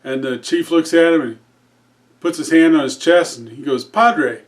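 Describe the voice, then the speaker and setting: Guy with a kinda high voice telling a dad joke, lots of uhs and restarts. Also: moderate pace, darkish tone. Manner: rambling with fillers and restarts. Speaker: comedy channel host.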